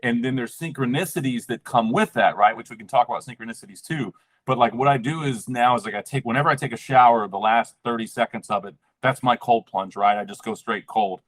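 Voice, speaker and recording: A man's voice: mid-range voice, a little fast. Rambling laid-back man. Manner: rambling, lots of fillers, swears casually. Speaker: podcast guest. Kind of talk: casual chat.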